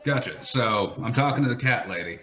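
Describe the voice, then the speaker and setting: A male player in a tabletop game who talks in a bright, lively voice with a lot of pitch movement. He jokes bluntly and swears, and his voice sounds roomy and echoey. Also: brisk. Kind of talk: casual tabletop play chat.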